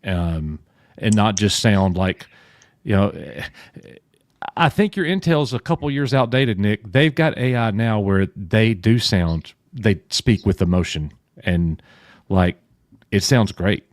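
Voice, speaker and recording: A man's voice: lowish voice, animated, takes it slowly, no echo, clean studio sound. A man hosting a casual livestream chat, opinionated and drawn out when making a point. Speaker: podcast host.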